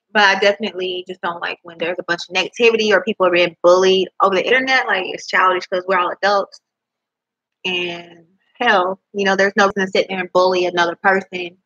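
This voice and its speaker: Husky young woman chatting while snacking. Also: medium pitch, sharp tone, lo-fi sound. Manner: chatty, rambling, eating while talking, swearing in disbelief. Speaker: vlogger. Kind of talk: casual chat to camera. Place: at home indoors. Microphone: laptop microphone.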